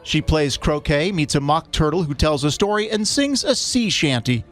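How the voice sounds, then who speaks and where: A male radio host reads a storybook summary aloud in a measured, pausing storytelling style. His voice sits fairly high and moves a lot in pitch. A music bed plays clearly behind him in the studio. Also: expressive, fairly bright tone. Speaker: radio morning show host.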